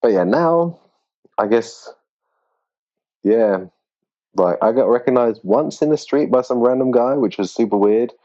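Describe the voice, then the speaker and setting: A man being interviewed as a grappling competitor, talking in a relaxed, rambling way with lots of fillers. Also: mid-range voice, measured pace, long pauses. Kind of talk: casual interview chat. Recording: dull lo-fi sound.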